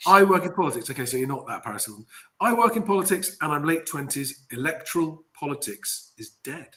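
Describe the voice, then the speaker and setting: A man's voice: on the high side, lively intonation, brisk, sharp tone. A man hosting a casual chat, reading out viewer comments and laughing often. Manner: chatty, laughs often, reads comments aloud. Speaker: host.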